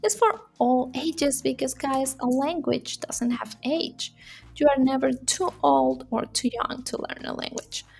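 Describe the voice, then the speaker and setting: Woman, Spanish teacher on a casual video lesson; high, husky, a little gravelly; repeats phrases slowly for learners; soft music under the voice.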